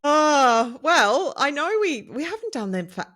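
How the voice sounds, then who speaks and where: A woman's voice: high-pitched, big pitch swings, unhurried, a bit bright. A woman co-hosting a nutrition podcast, chatting in an encouraging way and laughing often. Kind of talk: casual chat.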